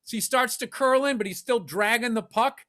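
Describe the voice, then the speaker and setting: A man's voice: very high voice, a little fast, pushed and bright. A man co-hosting a comedy podcast, telling profane stories animatedly and acting out other people's voices. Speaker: podcast co-host. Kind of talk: casual comedy chat.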